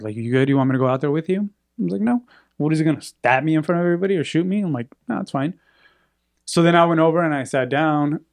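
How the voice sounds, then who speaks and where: A man's voice: medium pitch, creaky. A man telling a story in casual chat, acting out the people in it. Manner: animated, acts out quoted voices.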